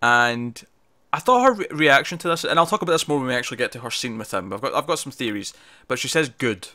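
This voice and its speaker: A man's voice: mid-range voice, lively intonation, fast, pushed and bright. A man co-hosting a casual TV review discussion, chatty, with many fillers and restarts. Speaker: podcast co-host.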